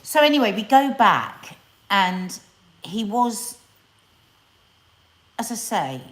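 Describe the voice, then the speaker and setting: A woman's voice: mid-range voice, very animated, takes it slowly, a bit bright. A middle-aged English woman with an English accent, co-hosting a casual chat, telling a story and playfully scolding her partner. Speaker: co-host. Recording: roomy echo, faint noise.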